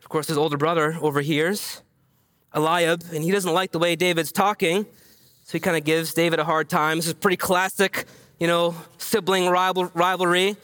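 A man preaching with a high, bright voice that carries. He talks casually and conversationally. He moves between raised, animated emphasis and quiet, near-whispered passages. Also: moderate pace. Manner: casual, conversational phrasing with many fillers. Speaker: pastor. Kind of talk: sermon.

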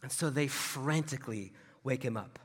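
A man preaching a sermon in a loose, conversational way, often dropping his voice low and soft for emphasis. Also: normal speed, breathy edge, big-room sound. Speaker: pastor.

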